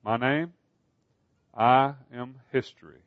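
A man voicing a solemn older sage who lectures slowly and gravely, in a dull, dry recording. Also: mid-range voice, fairly even intonation, no echo, close to an everyday voice.

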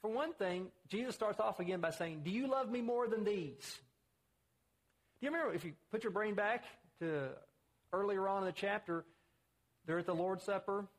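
A man preaching a conversational sermon, acting out the quotes he reads. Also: a little fast. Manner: conversational, acts out quotes with rising pitch.

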